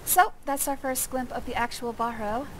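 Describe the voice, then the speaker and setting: Woman streamer, slightly high and gravelly, chatty let's-play talk; steady noise under the mic. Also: normal speed. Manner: chatty, explains as she plays. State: gravelly, phlegmy voice. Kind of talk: casual let's-play commentary. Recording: clear steady background noise.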